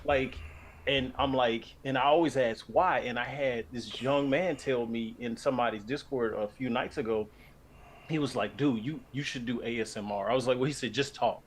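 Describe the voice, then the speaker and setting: A man from Louisiana, a voice actor, chatting on a stream in an articulate, animated way. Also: medium pitch, moderate pace, a little hiss or hum. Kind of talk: casual chat on a stream.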